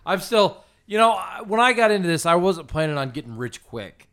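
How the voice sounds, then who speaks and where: Animated rambling man on a podcast. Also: high-pitched, a little fast. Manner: rambling, self-interrupting, animated. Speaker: podcast guest, donut shop owner. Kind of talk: casual chat.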